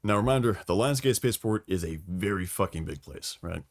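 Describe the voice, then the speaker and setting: Man, podcast host, casual lore chat, swears a lot, lively storytelling, lowish voice. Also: brisk. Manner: profane, animated storytelling with acted quotes.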